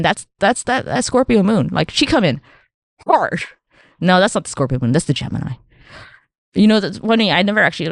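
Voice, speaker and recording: A woman's voice: no echo, studio quality. Profane, rambling woman podcaster. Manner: profane, rambling, acts out voices with big pitch jumps. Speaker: podcast host. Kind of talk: casual solo podcast monologue.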